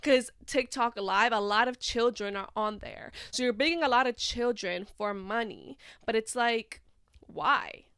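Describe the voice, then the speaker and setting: A woman's voice: a little high, a little slow, fairly bright tone, clean tone, dry recording, clean studio sound. A young woman hosting a casual podcast, talking in a chatty, rambling way with lots of "like". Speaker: podcast host.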